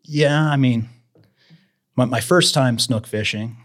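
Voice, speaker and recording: A man's voice: medium pitch, slow pace. A man from Idaho, a guest, telling fishing stories casually and acting out the voices of people in them. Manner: animated storyteller acting out quotes. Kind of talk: casual storytelling.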